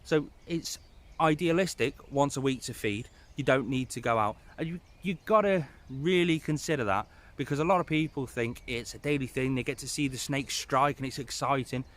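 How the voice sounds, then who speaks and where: A man's voice: medium pitch, normal speed, fairly bright tone. A man giving casual pet-snake advice to camera outdoors, rambling and losing his place now and then. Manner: rambling, loses his place, chatty asides. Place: outdoors in the rain.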